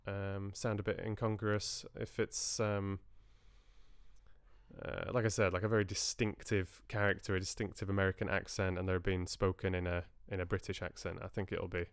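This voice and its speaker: Deep, smooth-voiced man chatting casually. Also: little pitch movement, moderate pace, dry recording, studio quality. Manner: chatty, rambling, with frequent restarts. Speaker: livestream host and audiobook reader. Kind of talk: casual chat with live viewers.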